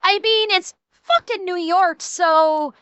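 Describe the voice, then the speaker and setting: A woman's voice: extremely high pitch, slow pace, a bit bright, dry recording, dull audio. A woman hosting a casual stream chat, blunt and swearing freely as she reacts. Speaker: streamer host.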